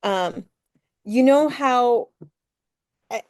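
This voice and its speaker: A woman's voice: fairly high pitch, very slow, dry recording, studio quality. A woman business coach as a guest, earnestly explaining her work with many fillers.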